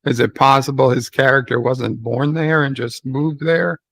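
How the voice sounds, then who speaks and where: A man chatting casually on a livestream, joking and quick with asides. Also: mid-range voice, steady tone, vocal fry, a bit bright, dry recording.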